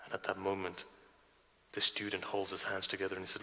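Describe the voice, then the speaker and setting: A man's voice: deep voice, completely flat delivery, a little fast, sharp tone. A man giving a sermon, retelling religious traditions with quoted dialogue and asking his listeners direct questions. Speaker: preacher. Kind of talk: sermon storytelling. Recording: long hall reverb.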